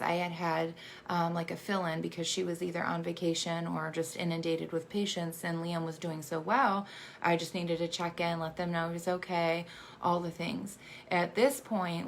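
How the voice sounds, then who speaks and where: A woman in her thirties, an adoptive mother, tells her family's story in a halting, emotional way, with many fillers and restarts. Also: lowish voice, gravelly, slight background noise. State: emotional, choking up. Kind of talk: personal storytelling monologue.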